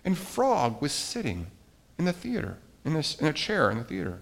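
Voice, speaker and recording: A man's voice: on the high side, huge pitch swings, brisk, vocal fry, a bit bright. A man preaching as pastor in a children's sermon, coaxing the kids with questions and explanations.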